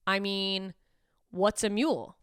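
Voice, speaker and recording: A woman's voice: mid-range voice, slow, clear, resonant tone, dry recording. A woman comedian hosting a podcast in casual, incredulous chat, riffing and swearing freely into a close mic. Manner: animated, profane, incredulous riffing.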